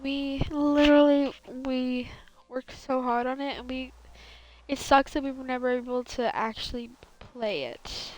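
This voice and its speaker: Speaking a little slowly in a high voice, a young woman chats while streaming a building game. Her talk is rambling and full of fillers, delivered in a valley girl lilt with frequent self-corrections, and the recording quality is low.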